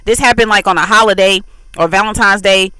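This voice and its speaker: Bright, crisp-voiced woman breaking down lyrics. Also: medium pitch, brisk, no echo, rough recording. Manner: animated, acts out quoted lines in exaggerated voices; loose, repetitive "like" filled delivery. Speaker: faith channel host. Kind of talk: casual commentary breaking down song lyrics.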